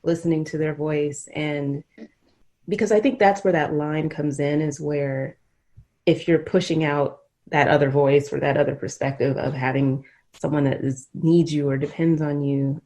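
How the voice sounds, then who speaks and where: Low-pitched middle-aged lady podcast host, earnest and rambly. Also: mellow. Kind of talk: emotional conversational interview.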